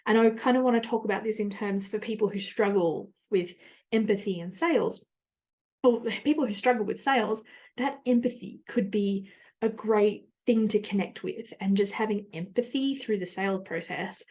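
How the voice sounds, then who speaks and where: A woman's voice: medium pitch, moderate pace, darkish tone. A woman hosting a podcast, talking candidly and chattily in a casual solo monologue, with plenty of fillers and asides. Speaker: podcast host.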